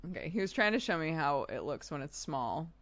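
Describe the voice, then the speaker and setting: A woman's voice: deep voice, sing-song, a little fast, fairly bright tone. A woman hosting a live stream in casual chat, giggly and chatty, laughing often. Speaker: streamer host.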